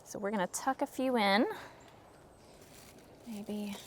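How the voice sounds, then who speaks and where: A woman's voice: mid-range voice, steady tone, slow pace, a little hiss or hum. Chatty woman crafting at home. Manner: chatty, self-deprecating, jokey. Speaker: craft vlogger. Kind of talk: casual how-to narration. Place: home indoors.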